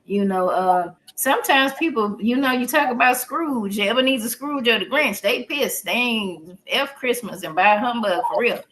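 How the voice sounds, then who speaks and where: A woman's voice: on the high side, normal speed, few pauses, a bit bright, low-quality recording. A middle-aged woman, talking as a therapist on a podcast in a folksy, chatty way that breaks into easy laughs. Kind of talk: casual podcast talk on grief.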